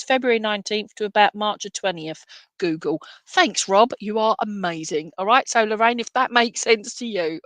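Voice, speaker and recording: A woman's voice: medium pitch, a bit bright, no room sound. Woman, medium reading, rambling reassuring chat, dry close sound. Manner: chatty and rambling, with self-deprecating asides; reassuring, often checks in with "all right?". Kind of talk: clairvoyant reading at an online church service.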